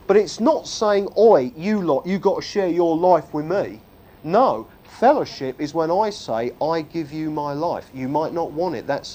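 A man's voice: high voice, warm tone. A man giving an emphatic church teaching talk, often asking his listeners "can you see?". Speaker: preacher.

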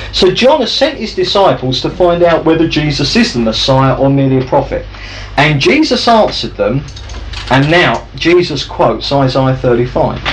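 A man teaches through a Bible passage and keeps checking that his listeners follow. His voice sits a little high and swings widely in pitch. A faint ambient hiss runs under the recording. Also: poor audio. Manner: lively, conversational, checks in with listeners. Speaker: preacher.

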